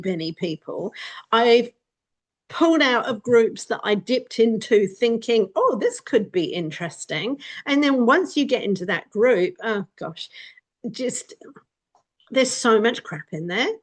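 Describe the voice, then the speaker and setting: A middle-aged woman talking candidly at home, chatty and emphatic, laughing now and then and repeating herself for stress. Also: on the high side. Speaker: vlogger giving life advice. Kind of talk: casual spoken reflection to camera. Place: home indoors by a window.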